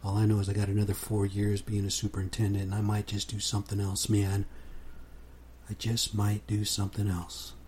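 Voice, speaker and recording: A man's voice: on the low side, monotone, brisk, a little mellow, slight background noise. A man hosting his own podcast in a laid-back, casual monologue, often ending sentences with "man". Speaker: podcast host.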